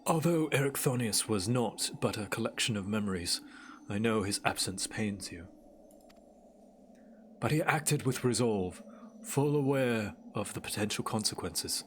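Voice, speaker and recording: A man reading a calm solemn elder leader. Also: fairly low pitch, a little hiss or hum. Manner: measured, soft, consoling.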